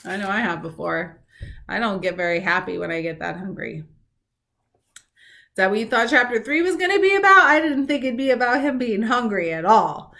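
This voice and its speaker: Bright animated woman reading a story. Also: medium pitch, moderate pace, vocal fry. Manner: animated, chatty asides to children. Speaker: school staff member reading to students. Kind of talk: read-aloud storytelling.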